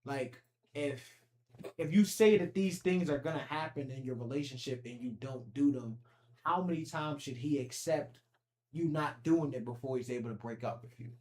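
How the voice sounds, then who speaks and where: A man's voice: medium pitch, normal speed, darkish tone. A man hosting a casual chat, asking probing questions and rephrasing them. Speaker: podcast host. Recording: echoey room with faint noise.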